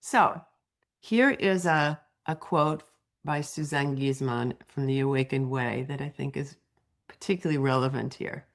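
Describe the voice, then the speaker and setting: A woman's voice: a bass voice, unhurried. An older woman presenting a slideshow talk as an EFT tapping teacher, explaining ideas through personal anecdotes in a conversational storytelling manner.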